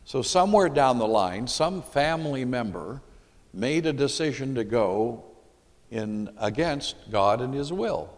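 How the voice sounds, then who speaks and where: Animated preacher in a reverberant hall. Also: male voice, mid-range voice, unhurried. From Michigan, USA. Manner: emphatic, puts questions to the congregation. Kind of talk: sermon.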